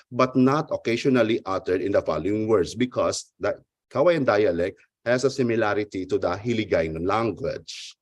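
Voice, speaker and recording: A man's voice: mid-range voice, no room sound. A man presenting an academic research paper at a conference, reading carefully and stumbling over some words. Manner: halting, restarts words, careful formal reading. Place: online conference talk.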